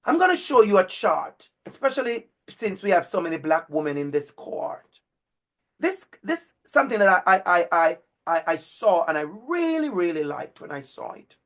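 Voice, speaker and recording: Man with a Jamaican accent, lecturer, emphatic and repetitive, voice sits fairly high. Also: very animated, normal speed, fairly bright tone. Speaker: university lecturer. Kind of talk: lecture to a teacher cohort.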